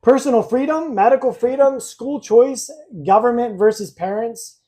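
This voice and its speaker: Her voice is a little high and mellow, moving at a moderate pace. This young woman co-hosts a casual podcast streamed live, rambling through blunt stories and laughing at herself along the way.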